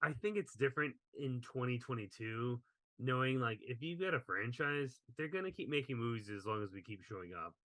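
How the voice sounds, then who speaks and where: A man's voice: mid-range voice, lively intonation, brisk, sharp tone, no echo. A man co-hosting a movie podcast in casual chat, laughing easily as he reads critics' quotes. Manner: laughs while reading quotes. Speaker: podcast co-host.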